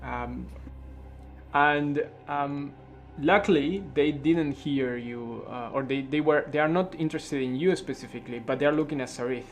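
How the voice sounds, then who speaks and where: A man narrating a tabletop game as game master, with frequent pauses and restarts. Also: fairly high pitch, soft background music. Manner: halting, full of fillers and restarts.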